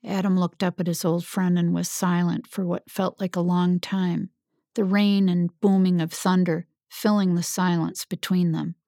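Female audiobook narrator, even and descriptive, gravelly tone, dry close mic. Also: lowish voice, normal speed, dry recording.

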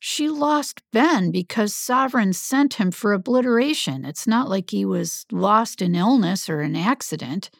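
Measured, wary man counseling a friend, as a female narrator plays him, slight gravel. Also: medium pitch, dry recording, clean studio sound. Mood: reasoning. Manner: calm, warning, measured. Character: cautious adult man, steady friend.

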